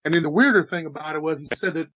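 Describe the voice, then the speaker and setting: A man recounting a strange encounter in a casual storytelling manner, slightly hoarse after an illness, dropping "you know" and "dude" as he goes. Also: on the high side, rapid-fire, no room sound, lo-fi sound. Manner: relaxed, chatty, says "dude" and "you know". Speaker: storyteller relaying witness accounts.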